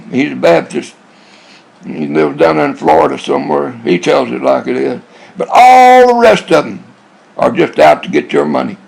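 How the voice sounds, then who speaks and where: Gravelly older man rambling. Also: on the high side, darkish tone. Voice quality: gravelly, husky. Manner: blunt, rambling, with many restarts. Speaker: YouTube vlogger. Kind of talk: rambling monologue.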